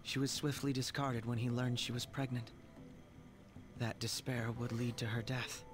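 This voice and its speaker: A man voicing a polite young male detective, reading his lines in a smooth, measured, courteous way over soft game music. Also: mid-range voice, flat delivery, close to an everyday voice.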